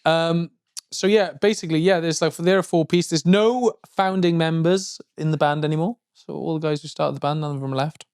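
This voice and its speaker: A man co-hosting a podcast in casual chat, rambling and joking, now and then yelping in a high mock voice. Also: steady tone, a little fast, a little mellow, smooth, no echo, clean studio sound. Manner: rambling, jokey, yelps high in mock vocals. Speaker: podcast co-host.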